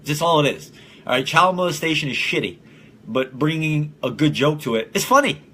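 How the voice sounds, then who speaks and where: A man's voice: fairly high pitch, sing-song, brisk, bright, forceful tone, husky. A young man hosting a casual solo podcast, blunt and profane, who often laughs at his own jokes. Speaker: podcast host.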